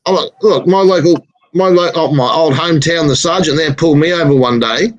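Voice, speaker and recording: A man's voice: on the high side, a little fast, no room sound, rough recording. A man telling a blunt, swearing driving story in casual chat.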